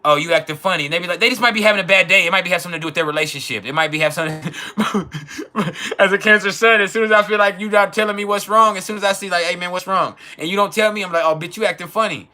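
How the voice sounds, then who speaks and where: Profane animated man with a bright voice. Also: sits high, racing. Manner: profane, animated, laughs often, acts out quoted arguments. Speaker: astrology channel host. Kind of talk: casual unfiltered chat.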